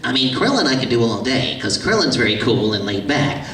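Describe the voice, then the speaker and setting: A man's voice: medium pitch, very animated, normal speed, a bit bright, a little hiss or hum. A man answering audience questions at a convention panel, telling irreverent, joking stories in a casual way. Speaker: voice actor, panel guest. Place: convention hall. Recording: echoey hall from far off, crowd.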